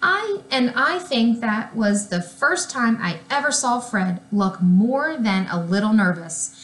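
A woman reading a children's chapter book aloud in an unhurried, lively storytelling manner. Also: fairly high pitch, echoey room. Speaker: reader.

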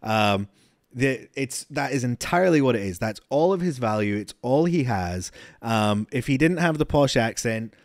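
A man rants through casual reaction commentary, blunt and full of swearing. His pitch swings around a lot as he makes his points. The sound is dry and close to the mic. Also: expressive, moderate pace, dry recording. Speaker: streamer reacting to a clip.

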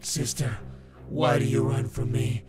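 A man voicing a creepy living wooden puppet boy who speaks slowly and eerily. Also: over loud music, lightly acted. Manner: slow, eerie, wheedling.

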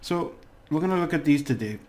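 A man's voice: on the high side, expressive, fairly quick, a little mellow. A man teaching a casual video lesson, rambling and hesitant, with fillers and small jokes. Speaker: language teacher.

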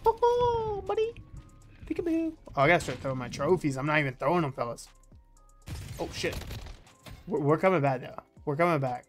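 A man with a fairly high voice narrates his shooter match as it happens, excitable and quick to swear. He trash-talks opponents and teammates alike. Faint music and game gunfire sit underneath. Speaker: gaming YouTuber. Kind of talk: live gameplay commentary.

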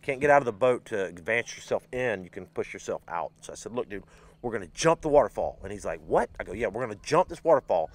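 An American man hosting a podcast, telling a story in a lively way, acting out voices and sound effects. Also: fairly low pitch, fast. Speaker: podcast host. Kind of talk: casual storytelling.

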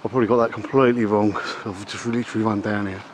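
A middle-aged man, out of breath, talking haltingly to a handheld camera outdoors at night in the rain, with many ums and uhs. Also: lowish voice, steady tone, a little hiss or hum, low-quality recording. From England. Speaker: vlogger. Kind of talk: casual vlog to camera.

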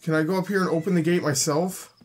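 This young Canadian let's-player talks fast in a slightly high voice with fairly even intonation. While playing, he keeps up easygoing commentary, complaining, joking, and reading game text aloud.

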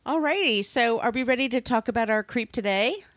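A woman's voice: on the high side, lively intonation, a little fast, fairly bright tone, no echo. A woman hosting a podcast in a casual, irreverent way, swearing freely. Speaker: podcast host.

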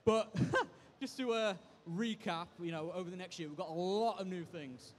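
A man's voice: sits high, moderate pace, slight background noise. A young man hosting a convention panel in casual, upbeat, slangy banter, laughing often. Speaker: panel host. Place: convention hall panel stage.

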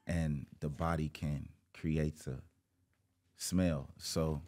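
A man with a very low voice sits as a guest and tells a long story. He acts out the other people's voices as he goes. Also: fairly even intonation, extremely slow, a little mellow. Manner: acts out quoted voices, jumping high in pitch. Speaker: interview guest. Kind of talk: animated storytelling.

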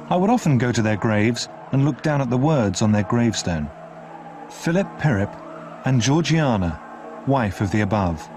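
A man narrating a retold classic novel in an expressive, dramatic reading style. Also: medium pitch. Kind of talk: scripted storybook narration.

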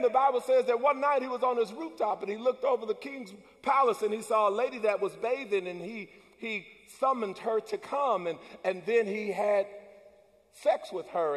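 A man preaching a sermon as pastor, with call-and-response lines that build up to shouts. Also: high voice. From United States. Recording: long church hall reverb.

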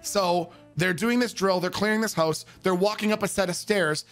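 A man's voice: high voice, moderate pace, fairly bright tone, soft background music. A man telling a story in a casual, profane, rambling way, full of restarts.

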